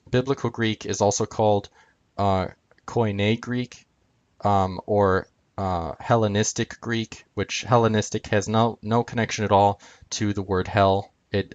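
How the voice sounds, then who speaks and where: A man explaining Greek spellings over a screen share, halting, with many ums and uhs as he points at letters. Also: on the low side, no room sound.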